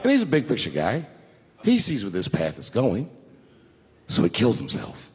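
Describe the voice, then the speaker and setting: A man doing a stand-up routine, telling stories with animated swings between voices. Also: lowish voice, normal speed, big-room sound, slight background noise. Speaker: stand-up comedian.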